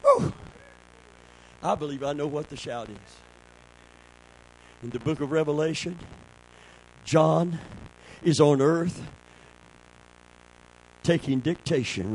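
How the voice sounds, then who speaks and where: A man preaching a sermon, calling for amens and swinging between a low hush and a shout. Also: slight background noise, low-quality recording.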